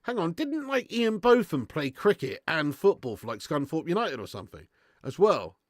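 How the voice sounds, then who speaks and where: A man's voice: on the high side, normal speed, dry recording, clean studio sound. A man hosting a live football watch-along, bantering with chat and swearing freely. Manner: animated banter with swearing, reads and answers chat.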